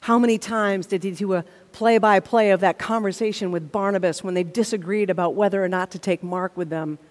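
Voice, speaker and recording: Reading from scripture before moving into earnest preaching, she gradually rises to an emphatic pitch of intensity. Her voice is mid-range and a little quick, with fairly even intonation, echoing through a large hall's long reverb.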